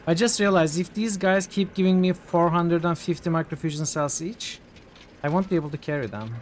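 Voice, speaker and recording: A man's voice: fairly high pitch, brisk, a little hiss or hum. A man streaming a tactics game, giving casual live commentary as he thinks aloud, corrects himself and reacts with surprised exclamations.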